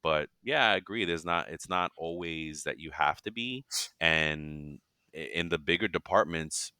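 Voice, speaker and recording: Man co-host, low pitch with a bright, forceful tone, dry close sound, enthusiastic. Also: unhurried, clean tone, no echo. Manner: enthusiastic, laughs easily. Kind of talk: casual podcast chat.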